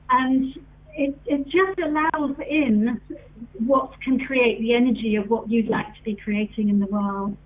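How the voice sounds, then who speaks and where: A woman's voice: fairly high pitch, normal speed, slight background noise. A woman guest on a radio talk show, giving upbeat advice in casual chat. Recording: tinny phone-line sound.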